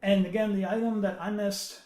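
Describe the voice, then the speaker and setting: Male podcast panelist, high voice, earnest and halting, in a roomy echoey room. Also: steady tone, a little mellow. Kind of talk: casual podcast chat. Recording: roomy echo.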